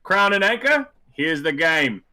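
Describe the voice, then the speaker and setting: A man's voice: fairly high pitch, big pitch swings, measured pace, sharp tone, pitched above the performer's own voice, full character voice. A man voicing a smug, showy dice-game barker in a tavern.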